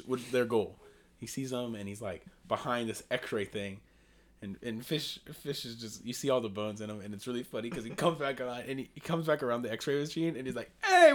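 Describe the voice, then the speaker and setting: A man co-hosting a casual podcast, recapping a movie in an excitable, animated way. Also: medium pitch. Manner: excitable, animated, says bro. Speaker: podcast co-host. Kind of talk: casual chat.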